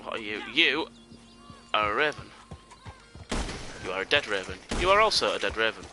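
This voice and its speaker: A man's voice: fairly low pitch, very animated, normal speed, over music. A young British man chatting casually and joking with viewers while he plays a game on a live stream.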